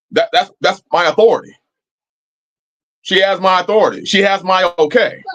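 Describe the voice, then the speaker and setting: A man's voice: high-pitched, fairly bright tone, dull audio. A man hosting a live-chat stream, talking casually and preachily, swearing freely as he answers viewers. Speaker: livestream host.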